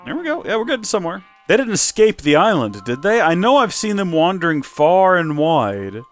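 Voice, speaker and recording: A man's voice: high-pitched, sing-song, normal speed, a bit bright, faint music behind. A man hosting a Minecraft let's play, talking in a playful mock presenter tone and rambling through self-corrections. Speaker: Minecraft channel host.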